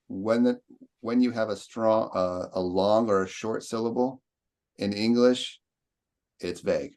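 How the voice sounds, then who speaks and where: Low-voiced man leading a poetry seminar. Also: a little mellow. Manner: explanatory, questioning, tapping out rhythms.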